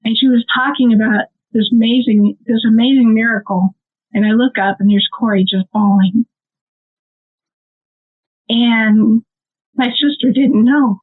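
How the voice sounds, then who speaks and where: A middle-aged woman with a Midwestern American accent tells her story with animated, emotional energy, her voice sitting a little high for a woman. The sound comes through thin and tinny, like a phone line. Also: husky. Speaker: nonprofit co-founder; guest. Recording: tinny phone-like call audio.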